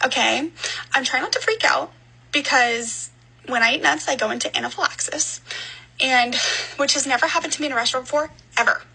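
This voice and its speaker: A woman telling a personal story in a casual storytime style, animated and exasperated. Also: high voice, brisk, vocal fry, slightly rough, low-quality recording.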